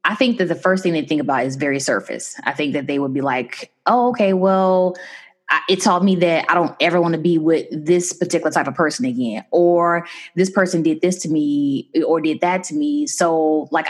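A woman hosts a casual podcast about love, talking in a bubbly, chatty way and laughing often. Her voice sits a little low for a woman. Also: slightly rough. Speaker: podcast host.

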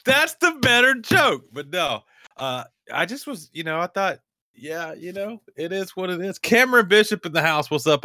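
A man's voice: medium pitch, pushed and bright, no room sound, clean studio sound. A man hosting a podcast, chatting casually, rambling and laughing easily. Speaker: podcast host. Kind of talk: casual chat.

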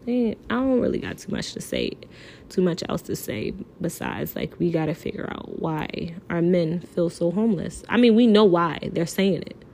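A woman's voice: lowish voice, very animated, moderate pace, darkish tone, a little hiss or hum. A woman hosting a podcast alone, talking in an impassioned, pleading way, full of filler words and swearing, close to tears. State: near tears. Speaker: podcast host. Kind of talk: emotional podcast monologue.

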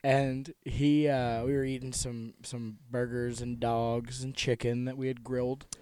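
A man's voice: mid-range voice, flat delivery, measured pace, darkish tone. A young man co-hosting a casual podcast, telling rambling stories and laughing often. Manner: rambling storyteller, laughs a lot, many fillers. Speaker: podcast co-host. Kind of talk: casual chat.

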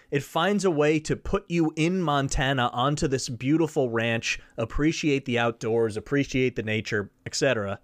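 This is a man hosting his own podcast, chatting on his own in a rambling, jokey way. His voice sits somewhat high and moves around a great deal. The sound is dry and close, with no room around it. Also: dry recording. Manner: rambling, jokey, goes off on tangents. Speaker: podcast host. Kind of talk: solo podcast monologue.

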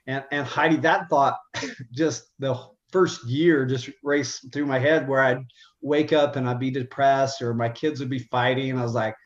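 A man's voice: medium pitch, steady tone. Earnest man telling a hard story. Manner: earnest, halting with repeated restarts. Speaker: guest telling his story. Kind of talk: personal storytelling. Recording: roomy, slightly dull sound.

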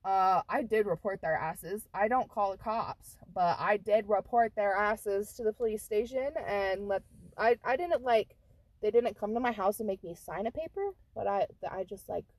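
A woman co-hosts a relaxed podcast, speaking at normal speed in a medium-pitched voice on a dry recording. She's a foul-mouthed, lively storyteller who acts out the lines she quotes.

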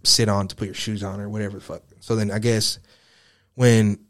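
A man's voice: fairly low pitch, flat delivery, fairly quick, fairly bright tone. A young man telling a personal story in a casual podcast chat, rambling and profane, full of filler words. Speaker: guest.

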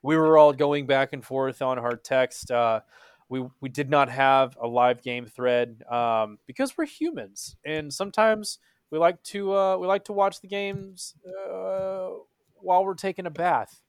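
A young man from Texas, hosting a casual hockey podcast, animated and swearing freely. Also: a little high, measured pace, clear, resonant tone, no echo. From Texas, USA. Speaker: podcast host.

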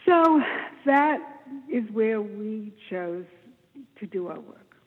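A woman telling the story of her charity work in an interview, in an animated, emphatic way, often clearing her throat. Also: medium pitch, slow pace. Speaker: interview guest, charity founder. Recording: tinny phone-like line with long reverb.

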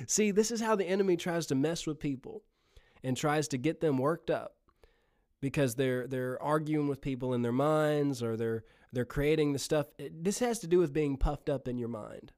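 A man's voice: on the high side, moderate pace, a little mellow, no echo, studio quality. A man preaching a sermon in an earnest, conversational way, often chuckling as he speaks.

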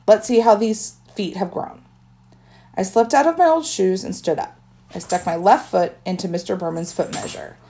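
Gravelly low woman reading a storybook. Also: warm tone, slight background noise. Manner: wry first-person boy narration. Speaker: audiobook narrator. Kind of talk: storybook narration.

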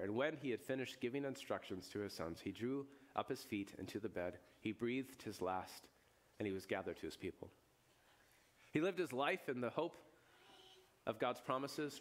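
A man preaches a sermon at a mid-range pitch, telling the scripture story like a lively storyteller. He rises into loud, excited bursts and then sinks into quiet, solemn lines. Casual asides and small chuckles keep it conversational. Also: moderate pace. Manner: chuckles and asides in everyday speech. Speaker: pastor.

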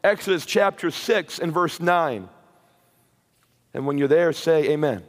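A man preaching a sermon with passion, rising to shouted peaks and repeating words. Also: a little high, unhurried, in a large hall. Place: church or camp meeting hall.

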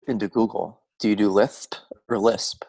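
A man co-hosting a podcast, chatting casually and telling rambling stories with halting restarts. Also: on the low side. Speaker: podcast co-host. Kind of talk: casual chat.

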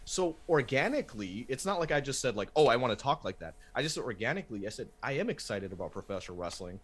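A man's voice: mid-range voice, sing-song, fast. A man who hosts a wrestling podcast, talking casually and animatedly, swearing and restarting his sentences.

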